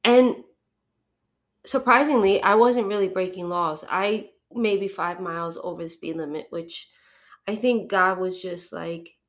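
Speaking unhurriedly in a fairly low voice, a middle-aged woman appears as a podcast guest sharing an emotional personal testimony. She acts out her phone calls and sniffles now and then because of allergies.

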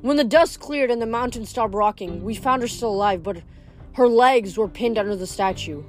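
A woman reading a novel aloud in steady narration, now and then stumbling over a word. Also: fairly high pitch, normal speed, faint music behind. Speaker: reader.

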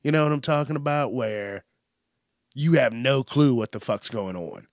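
A man's voice: mid-range voice, moderate pace, dry recording, clean studio sound. A man hosting a casual comedic news podcast, rambling and profane, poking fun at himself. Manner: rambling, profane, self-mocking. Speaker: podcast host.

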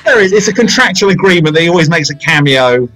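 A man's voice: fairly high pitch, animated, quick pace, poor audio. A man in his forties hosting a podcast, chatting about films in a rambling, self-mocking way. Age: 40s. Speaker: podcast host. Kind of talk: casual film chat.

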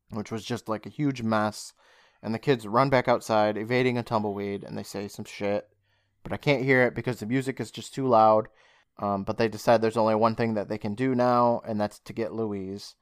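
A man with a lowish, smooth voice co-hosts a podcast, animatedly recapping a show's plot in casual chat and acting out the characters' lines. The recording is clean studio sound with no echo.

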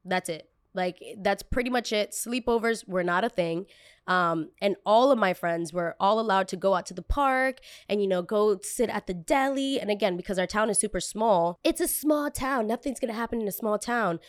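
In a dry, clean studio recording, a podcast host with a smooth, medium-pitched voice talks at a moderate pace. She's a young woman from a Colombian family in the US, casually recounting her childhood in chatty stories packed with "like" and frank cursing.

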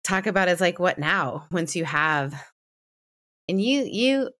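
A woman co-hosts a podcast conversation and reflects on what her guest has said, explaining ideas at a calm, measured pace. Her voice sits very low for a woman. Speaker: podcast co-host. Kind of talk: conversational interview.

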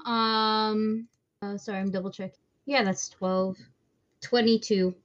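A woman playing a tabletop game, excitable and swearing, talking in quick restarts. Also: mid-range voice, lo-fi sound. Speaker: player. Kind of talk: tabletop game play, casual chat.

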